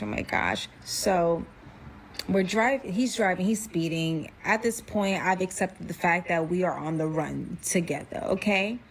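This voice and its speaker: A woman telling a personal story in a casual, animated way, acting out quotes and saying "like" a lot. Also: lowish voice. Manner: animated, acts out quotes, frequent "like". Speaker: storyteller guest.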